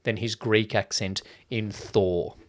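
A man's voice: lowish voice, steady tone, slow. A man, co-hosting a casual podcast and retelling a movie plot in a loose, rambling way with casual swearing. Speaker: podcast co-host. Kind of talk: casual film-review chat.

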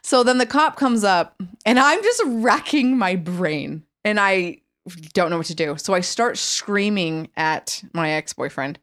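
A woman's voice: mid-range voice, unhurried. A woman co-hosting a podcast, telling a funny story in casual chat and acting out the people in it. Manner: animated storyteller, acts out quotes. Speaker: podcast co-host.

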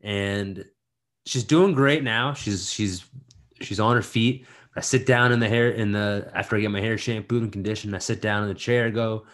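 A man with a somewhat low voice, chatting casually as a podcast co-host. He jokes and chimes in with quick remarks before settling into longer stories. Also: flat delivery, fairly bright tone. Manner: joking, quick interjections. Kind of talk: casual chat.

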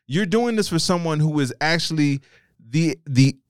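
A man co-hosting a casual podcast, talking in a profane, emphatic way and often restarting his sentences. His voice sits a little high for a man. The sound is very dry and close. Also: animated, normal speed, clean tone, no room sound. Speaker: podcast co-host. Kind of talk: casual chat.

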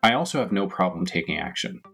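A man's voice: low-pitched, very animated, fast talker, vocal fry, a bit bright, breathy edge, soft background music. A man hosting a podcast interview, candid and enthusiastic in casual chat. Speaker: podcast host.

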